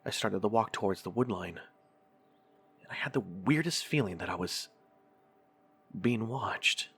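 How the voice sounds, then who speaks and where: Low-voiced man narrating a horror story. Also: lively intonation, measured pace, vocal fry, fairly bright tone, slightly rough, faint music behind. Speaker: horror podcast host reading stories.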